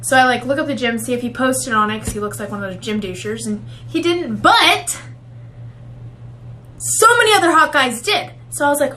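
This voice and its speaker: A giggly woman shares a story with her camera in a conspiratorial way. Her voice is high and bright. Faint noise sits behind her. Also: animated, normal speed. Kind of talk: story time vlog.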